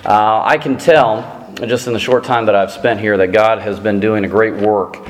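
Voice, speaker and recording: A middle-aged American man preaching a sermon as a visiting preacher, rambling and self-deprecating, with many fillers and restarts. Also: moderate pace. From United States. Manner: gets animated and high-pitched telling a funny story.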